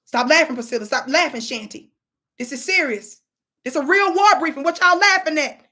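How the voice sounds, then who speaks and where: A woman's voice: high voice, moderate pace, pushed and bright. A woman giving sassy, scolding commentary on video clips, full of dramatic asides. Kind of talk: animated commentary chat.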